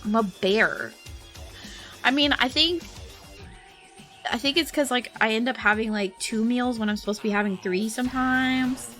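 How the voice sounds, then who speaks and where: A young woman streaming while she draws, chatting casually, giggling often and reading chat out loud. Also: on the high side, moderate pace, faint music behind.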